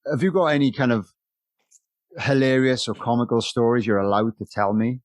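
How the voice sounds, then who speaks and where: A man hosting a podcast, asking questions in a halting way with frequent "um" and repeated words. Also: mid-range voice, no room sound. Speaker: podcast host. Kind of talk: casual interview chat.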